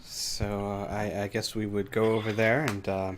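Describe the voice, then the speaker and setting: A man's voice: lowish voice, flat delivery, moderate pace, background noise. A man playing in a tabletop game, talking hesitantly about what his character does. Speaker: player. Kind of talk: casual tabletop game chat.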